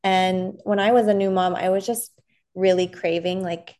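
A woman in her thirties, a therapist guesting on a podcast, speaking in a calm, gentle way. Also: lowish voice, normal speed. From Southern California. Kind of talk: casual interview chat.

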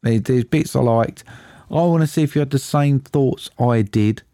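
Man, film podcast co-host, mellow tone, dry jokey delivery, close dry mic. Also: mid-range voice, normal speed, no room sound. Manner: dry, jokey, uses "mate" often. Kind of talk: casual chat.

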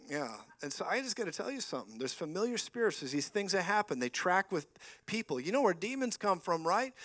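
High-pitched guy preaching in a church, jokey and animated, does voices in his stories. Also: no echo. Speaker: guest preacher. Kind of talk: lively sermon with storytelling.

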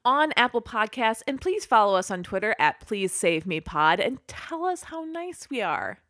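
A woman's voice: a little high, big pitch swings, normal speed, a bit bright, dry recording, clean studio sound. A woman co-hosting a comedy recap podcast, chiming in with playful quips. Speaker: podcast co-host.

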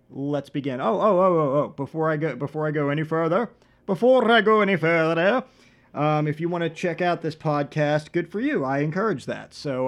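A man hosting a comedy podcast, rambling and profane, with deadpan absurd jokes. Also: fairly high pitch. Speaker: podcast host.

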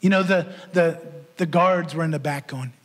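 A man preaching a sermon as pastor and podcast host, telling a story in an animated way and acting out the voices he quotes. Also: fairly high pitch, moderate pace. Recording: long hall reverb.

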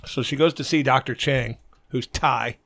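A man's voice: medium pitch, steady tone, normal speed, creaky, a bit bright. A man co-hosting a podcast, teasing and telling jokes he laughs at himself. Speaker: podcast co-host. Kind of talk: casual profane chat, joke telling.

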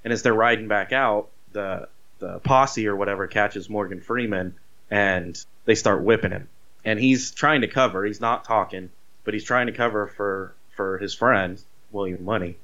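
A man casually retelling a movie plot, rambling and animated, with swearing. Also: on the low side, moderate pace, lo-fi sound. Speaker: podcast co-host.

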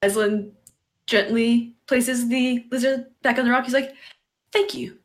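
A woman's voice: on the high side, unhurried. A woman playing a tabletop game, laughing often and dropping into her character's lines. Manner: giggly and expressive, slipping into character. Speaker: player.

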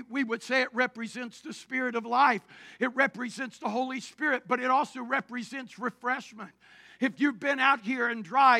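A male pastor from preaching a sermon, building to shouted, rhythmic declarations. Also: very high voice, gravelly. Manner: preaching cadence, rising to shouts.

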